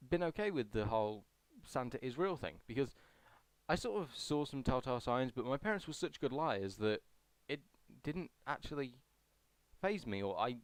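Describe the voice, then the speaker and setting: A man's voice: medium pitch, clear, resonant tone, no echo. A young man vlogging casually as he answers a survey, chatty and rambling with self-deprecating asides. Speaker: YouTuber.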